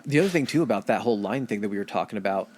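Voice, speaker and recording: A man's voice: on the low side, animated, racing, a little hiss or hum. A man co-hosting a podcast in casual chat, loose and profane, with lots of filler words. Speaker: podcast co-host.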